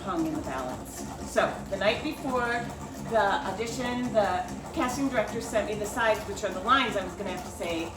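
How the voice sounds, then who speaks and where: A woman's voice: mid-range voice, normal speed. Self-deprecating woman storyteller, echoey kitchen. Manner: self-deprecating, animated storytelling with acted-out quotes. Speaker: writer and storyteller. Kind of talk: personal storytelling monologue. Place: home kitchen. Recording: roomy home recording from a distance, with background noise.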